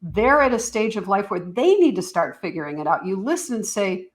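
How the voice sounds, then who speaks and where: Animated middle-aged woman explaining. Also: mid-range voice, a little fast, hardly any pauses. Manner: animated, acts out parent and teen dialogue. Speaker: guest expert. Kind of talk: conversational podcast interview.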